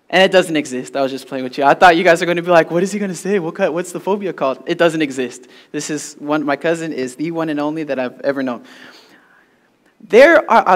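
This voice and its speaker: A pastor preaches a sermon at a church service, telling stories animatedly with frequent fillers. His voice sits high.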